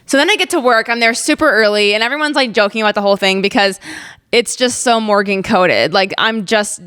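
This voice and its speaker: A woman's voice: medium pitch, a little fast, clear, resonant tone. A young woman in her twenties hosting a podcast, telling a personal story in a candid, chatty way with lots of "like"s. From Ozarks, USA. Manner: chatty, many "like"s, candid and expressive. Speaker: podcast host.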